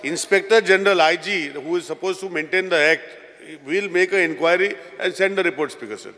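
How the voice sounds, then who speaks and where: Guy rattling off a bill in the assembly, high voice, keeps saying speaker sir, big echoey chamber. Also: fairly quick, sharp tone. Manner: mixes Konkani and English, keeps addressing the Speaker. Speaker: minister presenting a bill. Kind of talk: legislative debate speech. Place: legislative assembly hall. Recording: long reverb in assembly chamber.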